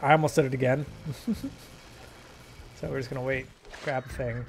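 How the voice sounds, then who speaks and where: A man's voice: mid-range voice, steady tone, moderate pace, faint music behind. A man hosting a let's play, giving casual, jokey gameplay commentary with mock-British asides.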